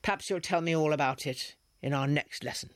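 A man voicing a short, brisk Soviet official who speaks in a clipped, polite and commanding way. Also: fairly high pitch, no room sound, clean studio sound, close to an everyday voice.

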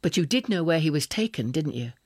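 Cool young female spy, quietly menacing, read by a man, raised pitch, dry booth sound. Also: sing-song, fairly quick, husky, no room sound, full character voice. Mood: pressing. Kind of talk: audiobook reading.

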